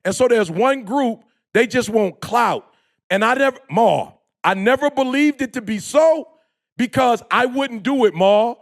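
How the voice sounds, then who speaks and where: Male motivational speaker, very high and gravelly, slangy and emphatic, prone to shouting. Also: expressive, unhurried. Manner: preachy, emphatic, bursts into shouting; slangy, repeats phrases for emphasis. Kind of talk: impassioned motivational talk.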